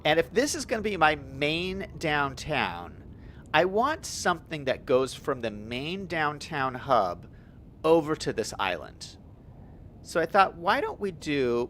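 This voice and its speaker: A man's voice: a little high, a bit bright, slight background noise. A young man giving casual gameplay commentary, upbeat and chatty, thinking aloud as he plays. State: hiccups. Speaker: gaming YouTuber.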